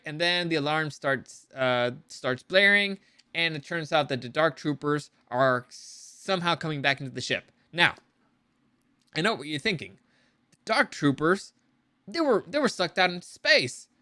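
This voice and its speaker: A man's voice: fairly high pitch, measured pace, clear, resonant tone, no room sound. A man giving a casual, rambling, profane review of a show. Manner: rambling, profane, animated with frequent restarts. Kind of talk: casual commentary.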